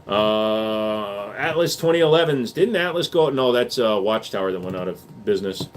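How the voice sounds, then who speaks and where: A man's voice: fairly low pitch, expressive, moderate pace. A man hosting a casual livestream, answering chat questions in a blunt, offhand, joking way.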